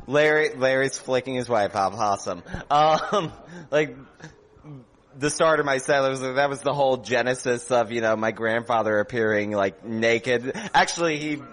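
A man's voice: mid-range voice, fairly bright tone. A man, a stand-up comedian, telling a rambling family story in casual after-show chat, laughing as he goes.

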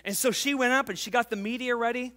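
A man in his forties preaching a sermon as pastor, fervent and emphatic, telling a family story and dropping to quiet intimacy. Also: extremely high pitch, steady tone, quick pace. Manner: tells a family story, acting out the voices.

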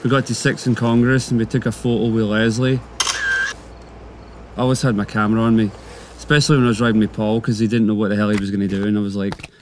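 A man's voice: medium pitch, fast, a little hiss or hum. A Scottish man telling a casual, rambling anecdote, full of fillers and slang. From Scotland. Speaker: storyteller.

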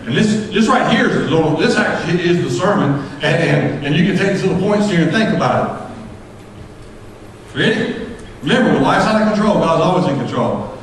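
A man preaching a sermon as pastor, folksy and impassioned, rising to shouts at his peaks. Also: a little high, lively intonation, a little fast, slight background noise. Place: church sanctuary. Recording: echoey church hall from far off.

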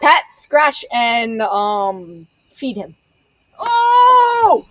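A woman playing a party game, playful and quick to protest, caught on a laptop mic at home. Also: sits high, expressive, no room sound, faint music behind, rough recording. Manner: playful, quick to protest, swears when flustered. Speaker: game player. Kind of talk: casual banter while playing a party game. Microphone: laptop webcam mic.

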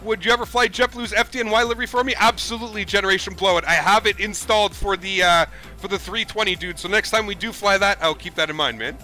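A man's voice: high voice, fairly even intonation, fast, bright, forceful tone, faint music behind. A man streaming a flight simulator, chatting casually with viewers, thanking them and reading their chat messages aloud. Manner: casual and upbeat, chatty, calls viewers dude.

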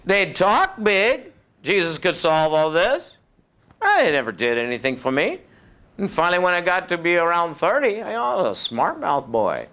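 A man preaching, telling his own testimony as animated storytelling with frequent chuckles. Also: high-pitched, normal speed. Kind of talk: testimony sermon.

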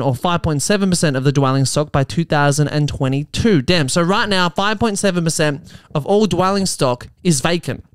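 A man's voice: a little high, smooth, no echo. A man hosting a podcast, riffing jokily on articles he reads out and slipping into mock voices. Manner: jokey, animated, slips into mock voices. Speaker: podcast host. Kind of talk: casual commentary reading articles aloud. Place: apartment.

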